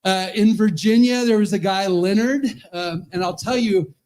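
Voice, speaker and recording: A man's voice: high voice, normal speed, darkish tone. A man in his fifties, an Episcopal priest, telling rambling, chuckling stories in a roast speech at a charity event. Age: 50s.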